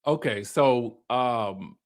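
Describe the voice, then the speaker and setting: A man's voice: mid-range voice, very slow. A man giving a casual, campy recap of reality TV, laughing often and slipping into a pampered, fussy voice. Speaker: reality TV commentator.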